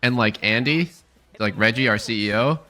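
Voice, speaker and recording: A man's voice: medium pitch, pushed and bright. A young man streaming, telling rambling casual stories full of "like" and acted-out quotes. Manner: rambling, lots of "like", quick quoted voices.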